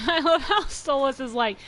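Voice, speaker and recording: A woman's voice: high-pitched, expressive, measured pace, rough recording. A young woman from New Mexico chatting casually while streaming a game. She rambles, laughs often and says "like" a lot. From New Mexico, USA. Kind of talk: casual live-stream commentary.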